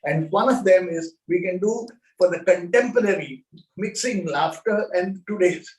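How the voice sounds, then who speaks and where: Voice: mid-range voice, normal speed, a little mellow. A laughter yoga leader, guiding a group through exercises with chants and frequent hearty laughter. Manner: playful, breaks into hearty laughter and call-and-response chants. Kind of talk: guided group exercise instruction. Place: online session, home room. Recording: roomy sound from far off the mic.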